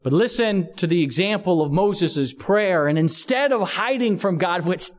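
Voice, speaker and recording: A male pastor preaches in an earnest, conversational way, often restarting and repeating words as he explains the scripture. His voice sits high for a man. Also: lively intonation, measured pace. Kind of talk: sermon.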